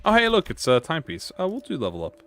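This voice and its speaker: Lively, joking young gaming commentator man. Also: on the high side, fast talker, faint music behind. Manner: excitable, joking, swears freely. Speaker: gaming YouTuber. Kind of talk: casual gameplay commentary.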